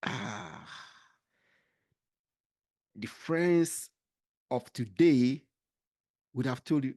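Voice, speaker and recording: A woman hosting a podcast, speaking in slow, emphatic, drawn-out phrases. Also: extremely low pitch, lively intonation, mellow. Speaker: podcast host. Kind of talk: interview comments.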